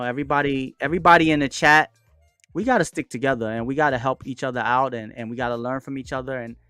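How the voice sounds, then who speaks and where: A man hosting a casual live stream, chatting loosely, reading out viewers' comments and giving shout-outs. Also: medium pitch, smooth, dry recording. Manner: reads out and answers viewers' chat comments; relaxed, chatty, with frequent fillers and shout-outs. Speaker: livestream host. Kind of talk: casual livestream chat.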